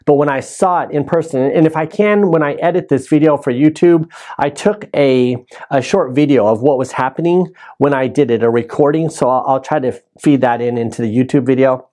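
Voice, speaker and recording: A man's voice: mid-range voice, a little fast, dark tone. A man hosting a podcast, recapping his season in a casual, rambling way and correcting himself as he goes. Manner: rambling, self-correcting with restarts. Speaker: podcast host.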